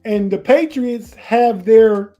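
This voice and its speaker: A man's voice: high-pitched, takes it slowly, mellow, dull audio, soft background music. A man co-hosting a live sports podcast, often stammering and repeating words. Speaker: podcast co-host. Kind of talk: casual sports chat.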